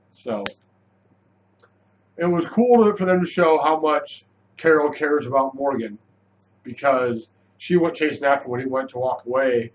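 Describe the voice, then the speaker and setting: A man giving a casual, animated spoken review of a TV episode, chatty, with frequent restarts. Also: mid-range voice, a little slow, long pauses, dull audio, a little hiss or hum.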